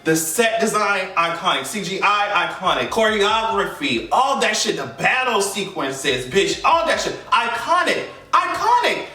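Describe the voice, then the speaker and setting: High, bright-voiced man ranting. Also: a little slow, few pauses, far from the mic. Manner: emphatic, profane, animated. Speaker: vlogger. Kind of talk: heated fan rant. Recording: echoey room, voice off mic.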